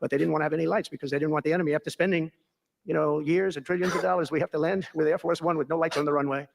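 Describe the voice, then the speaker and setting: A man's voice: fairly high pitch, steady tone, very fast, vocal fry. A man giving a boastful, rambling anecdotal speech, repeating himself as he digresses. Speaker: speaker telling a story at an event.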